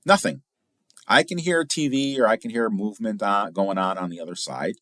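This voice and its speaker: A middle-aged man from Illinois with a low, deep voice, hosting a casual storytelling podcast. He talks in a chatty, animated way and throws his pitch up high to stress a point. The sound is dry and close, with no room echo. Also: normal speed. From Illinois, USA. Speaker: podcast host, firearms instructor.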